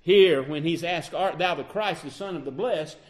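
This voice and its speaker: A man preaching a sermon, acting out the quoted dialogue with lively emphasis. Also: a little high, normal speed.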